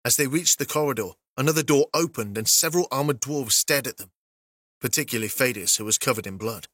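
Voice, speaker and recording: A man narrating a fantasy story as an audiobook, steady and even. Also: mid-range voice, quick pace, no room sound, clean studio sound.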